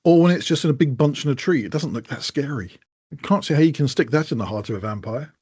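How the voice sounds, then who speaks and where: A man's voice: medium pitch, animated, darkish tone, husky, no echo. A man co-hosting a podcast, throwing in teasing jokes and quips. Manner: joking, teasing, quick quips. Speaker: podcast co-host. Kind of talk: casual chat.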